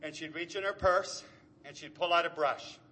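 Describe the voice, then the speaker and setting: Middle-aged man, recovery share, earnest storyteller, bright and slightly high voice. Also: moderate pace. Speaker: speaker at a recovery meeting.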